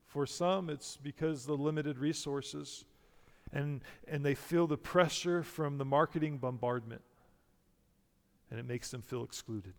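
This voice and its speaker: A man's voice: a little high, a little slow, creaky, long reverb tail. A man preaching a sermon to a congregation, emphatic and full of rhetorical questions. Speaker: pastor.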